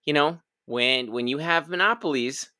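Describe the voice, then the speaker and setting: A man's voice: fairly high pitch, moderate pace, pushed and bright. A man co-hosting a casual sports podcast, cracking jokes in a laid-back way. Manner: wisecracking, laid-back joker. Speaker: podcast co-host. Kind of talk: casual chat.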